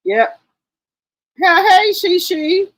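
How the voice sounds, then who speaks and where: A woman's voice: very high voice, expressive, very slow, dry recording, rough recording. A woman hosting a gossip channel in casual livestream commentary, talking straight to her viewers with heavy swearing.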